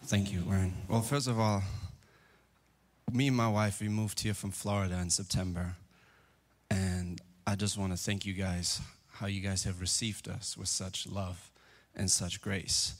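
Earnest young man giving testimony, low voice. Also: little pitch movement, unhurried. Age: 20s. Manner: earnest, candid storytelling. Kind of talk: personal testimony. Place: church, live.

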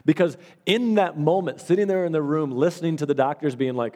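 A man's voice: fairly high pitch, a little fast, few pauses, dark tone. A male pastor preaching in a conversational storytelling way, acting out the voices of people in his stories. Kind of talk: storytelling sermon. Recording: long reverb of a large hall.

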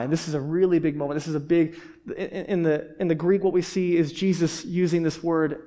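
A pastor delivers his sermon in a relaxed, chatty way, sounding more like a conversation than a lecture. His voice sits high for a man, and he keeps asking his listeners questions. He often repeats a word or two as he restarts a thought. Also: brisk.

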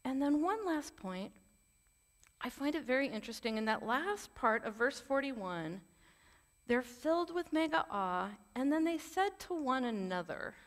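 A woman's voice: high-pitched, sing-song, measured pace. Earnest woman preaching in a reverberant hall. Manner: earnest, conversational, candid asides. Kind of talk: sermon.

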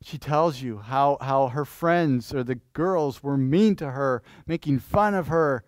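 A pastor preaching in church, lively and questioning, restarting phrases and asking the congregation things. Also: male voice, medium pitch, unhurried, no room sound, clean studio sound. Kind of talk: sermon.

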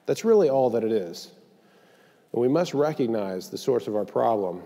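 A man's voice: mid-range voice, animated, normal speed, gravelly, dark tone, in a large hall. A male pastor delivering a sermon in a conversational style, mixing in joking asides, recorded in a church sanctuary.

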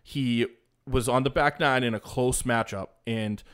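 A man co-hosting a casual sports podcast, rambling and animated, with restarts and mocking asides. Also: medium pitch, measured pace, clean tone. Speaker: podcast co-host.

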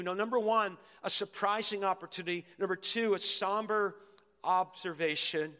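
High-voiced pastor preaching in a hall. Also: male voice, normal speed. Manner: energetic, leads the congregation in call-and-response. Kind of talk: sermon. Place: church sanctuary. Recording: long hall reverb in a church.

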